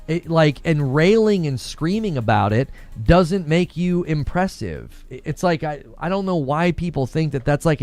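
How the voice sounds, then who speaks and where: A man's voice: a little high, a little mellow. Gaming streamer man ranting, lots of repeats, voice jumps all over, music in the back. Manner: heated, emphatic, repeats phrases. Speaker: gaming channel host. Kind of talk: live-stream commentary.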